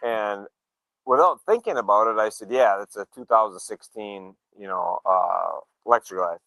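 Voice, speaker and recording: A man in casual chat telling a story, acting out the quoted dialogue in a relaxed way. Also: lowish voice, moderate pace, vocal fry, no room sound, low-quality recording. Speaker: show regular, motorcyclist.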